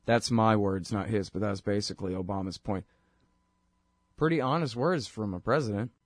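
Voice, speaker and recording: A man's voice: fairly low pitch, normal speed, no echo. A man hosting a political talk show, talking casually and rambling, and he mocks voices when he quotes people. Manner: rambling and conversational, mocking voices when quoting.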